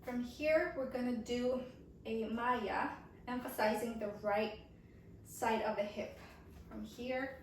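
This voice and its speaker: A woman's voice: fairly high pitch, a little slow, slight background noise. A woman teaching a belly dance choreography, counting beats aloud and checking in with the class. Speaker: dance instructor. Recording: echoey room, voice from far off the mic.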